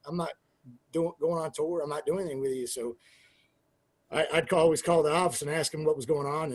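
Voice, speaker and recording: A man in his forties, a former pro wrestler, telling profane, animated stories in an interview and acting out quoted dialogue. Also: fairly high pitch, slightly rough, dry recording. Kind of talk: casual storytelling interview.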